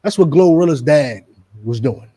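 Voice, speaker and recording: On a radio show, a middle-aged man representing a religious group preaches in a fairly high, expressive, mellow voice at a moderate pace. His commentary is emphatic and repetitive, and he addresses those around him by name.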